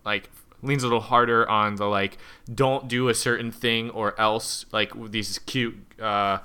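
A man's voice: fairly low pitch, level tone, measured pace, pushed and bright, clean tone. A man co-hosting a casual film discussion, rambling with many fillers and easy chuckles. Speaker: podcast co-host.

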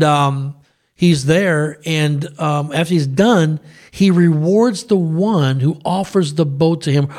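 Gravelly man retelling a Bible story. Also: on the high side. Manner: storytelling, animated retelling with asides. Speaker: pastor co-host. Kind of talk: preaching on a talk show.

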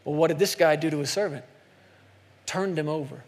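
High-voiced impassioned preacher in a reverberant hall. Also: male voice, brisk. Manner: impassioned, swings between soft hushed lines and loud climbs. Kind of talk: sermon.

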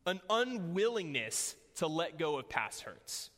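The young preacher's voice sits on the high side, a bit bright, sing-song and unhurried. He shares a personal story with his church in a casual, joking sermon, and the hall adds a long reverb.

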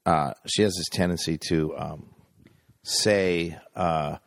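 A man's voice: extremely low pitch, steady tone, takes it slowly, vocal fry, no room sound, clean studio sound. A man on a podcast, chatting casually, swearing freely and acting out the people in his stories. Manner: laid-back storyteller, swears freely, acts out others. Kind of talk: casual chat.

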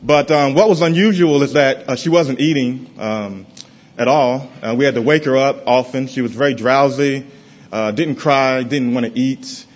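Halting man giving a church testimony. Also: muffled recording. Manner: halting, with many pauses and restarts, often dropping soft and low. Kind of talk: personal testimony to a congregation. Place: church in front of a congregation.

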